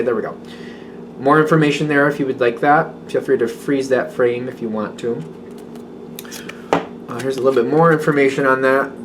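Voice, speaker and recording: A man's voice: mid-range voice, a little hiss or hum. Rambling male tarot reader. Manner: rambling, self-correcting, excitable. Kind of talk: casual tarot reading.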